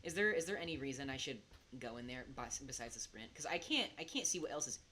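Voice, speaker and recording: A woman streaming a game, rambling and giggling, swinging between hushed mutters and excited outbursts. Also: a bass voice, fast talker. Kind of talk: casual gaming commentary. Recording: steady background noise.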